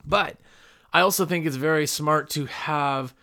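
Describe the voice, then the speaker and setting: With a sharp tone and a voice that is a little high, a man speaks at a measured pace as host of a window cleaners' podcast. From a computer microphone, he rambles casually about business and acts out customer calls.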